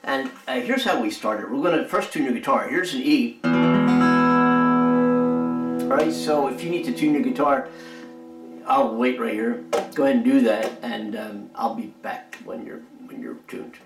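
A man giving a relaxed spoken guitar lesson, rambling with many fillers and restarts. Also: mid-range voice, moderate pace, pauses often. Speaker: guitar teacher. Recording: roomy echo over loud guitar. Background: guitar playing.

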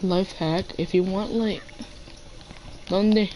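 A man's voice: fairly high pitch, normal speed, long pauses, a little mellow, slight background noise, poor audio. Chatty teen gamer boy. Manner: playful, chatty, talks to game animals. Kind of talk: casual gameplay chat.

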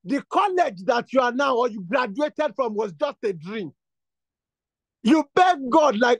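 High-voiced man leading fervent prayer. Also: big pitch swings, measured pace, dry recording. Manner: repetitive, insistent, builds to fervent bursts. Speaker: prayer leader. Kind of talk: exhortation and spoken prayer.

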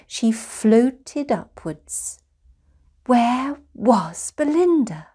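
Brief: woman storyteller, slow unhurried pace, lively lilting pitch. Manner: slow, gentle and expressive. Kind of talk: reading a children's picture book aloud.

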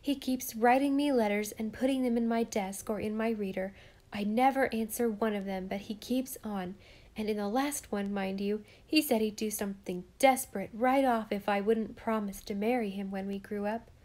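A woman's voice: medium pitch, normal speed, a little mellow, natural voice. A woman reading an audiobook, voicing a sensible, earnest young girl. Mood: indignant. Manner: earnest, sometimes indignant.

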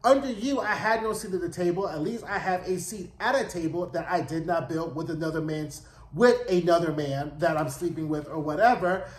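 A man's voice: on the high side, fairly quick, few pauses, reverberant. A man giving a casual, profane and opinionated recap of a TV episode. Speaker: show reviewer.

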